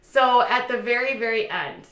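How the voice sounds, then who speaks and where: Brief: sarcastic female recapper, bright tense voice, roomy echo. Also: a little high, expressive, moderate pace. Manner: gossipy, sarcastic, lots of "like" fillers; acts out quotes in mocking voices. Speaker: reality TV commentator. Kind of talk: casual recap commentary.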